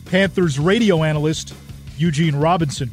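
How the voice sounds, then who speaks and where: A man narrating a sports documentary in a measured, scripted way. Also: fairly high pitch, soft background music.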